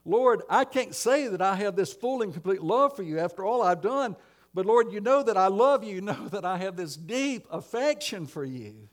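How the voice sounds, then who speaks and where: A man's voice: sits high, expressive, moderate pace, pitched above the performer's own voice. A man preaching who voices a remorseful male disciple pleading that he loves his master. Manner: earnest, pleading.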